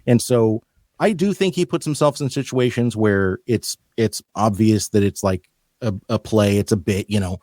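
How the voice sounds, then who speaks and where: A man's voice: on the low side, moderate pace, no echo, studio quality. An American man hosting a podcast, joking and telling stories in casual chat. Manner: joking, animated storyteller. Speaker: podcast host.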